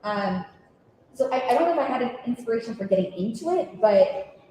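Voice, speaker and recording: A woman's voice: a little high, expressive, a little fast, mellow, slight background noise. A woman voice actor on a convention panel, chatty and rambling, tired from little sleep. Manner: chatty, rambling with many fillers. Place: large convention hall. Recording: echoey hall from far off.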